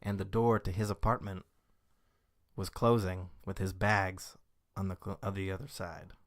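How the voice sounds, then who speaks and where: Low-voiced man narrating with wry timing. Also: level tone, normal speed. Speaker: improv storyteller. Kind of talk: improvised comedic storytelling.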